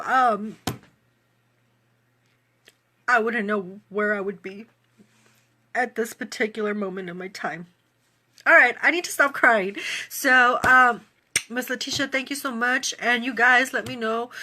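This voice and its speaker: A woman's voice: fairly high pitch, sharp tone. A woman who runs a fitness business, speaking in a heartfelt, emotional way straight to her livestream viewers.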